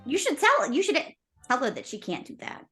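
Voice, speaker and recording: A woman's voice: high voice, wildly swooping pitch, fairly quick, sharp tone, faint music behind, pitched above the performer's own voice, heavily acted. A woman voicing a cheerful, confident teenage girl superhero in a tabletop role-play, giggly and teasing. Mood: mischievous.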